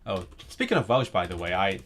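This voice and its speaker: A man with a lowish voice chats on a live stream. He rambles, restarts his sentences often and keeps an easy, casual flow. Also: very animated, fairly quick, a bit bright. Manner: rambling, chatty, many restarts. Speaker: language streamer.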